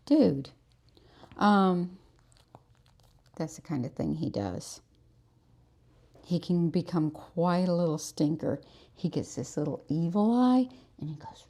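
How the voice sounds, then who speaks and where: A woman's voice: on the low side, lively intonation, takes it slowly, creaky, long pauses, mellow. A woman dog groomer explaining her technique while coaxing and praising the dog she is working on in a grooming salon. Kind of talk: instructional grooming demo.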